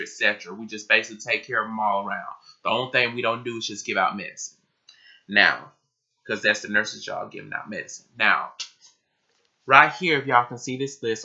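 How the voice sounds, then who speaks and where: A young man vlogging casually to camera, his voice a bit croaky from just waking up, talking emphatically with lots of "like" and casual swearing. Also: lowish voice, sharp tone. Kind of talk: casual vlog talk to camera. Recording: dull lo-fi recording.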